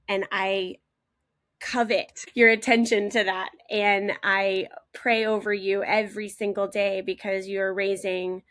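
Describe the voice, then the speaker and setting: A woman's voice: medium pitch, a bit bright, no room sound. Heartfelt middle-aged woman on a podcast, dry close mic, reflective. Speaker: podcast co-host, mother of three sons. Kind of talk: emotional podcast conversation.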